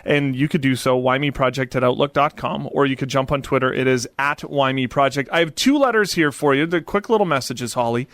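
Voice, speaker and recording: A man's voice: medium pitch, brisk, few pauses, fairly bright tone, no echo. A man co-hosting a podcast in casual chat, playful and teasing as he reads listener messages. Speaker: podcast co-host.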